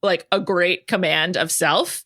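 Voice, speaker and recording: A woman's voice: fairly low pitch, fairly even intonation, measured pace, fairly bright tone, no echo, clean studio sound. A woman hosting a podcast in casual chat, enthusiastic and talkative with lots of fillers. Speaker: podcast host.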